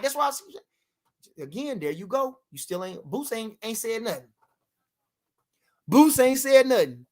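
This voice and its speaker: In a very high voice, a man streams a heated boxing rant to his live chat. He's loud and repetitive, swears freely, and breaks into shouts.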